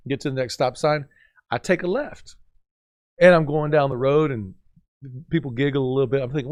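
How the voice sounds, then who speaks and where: A middle-aged man co-hosting a radio talk show, telling a personal story in an animated way. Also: mid-range voice, a little fast, dry recording, studio quality. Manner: animated anecdote teller. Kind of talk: storytelling in casual discussion.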